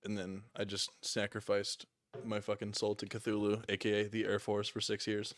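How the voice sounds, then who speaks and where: A man's voice: lowish voice, monotone, moderate pace, no room sound. A man in his late twenties, co-hosting a podcast, laid-back and cracking dry jokes in casual chat. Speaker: podcast co-host.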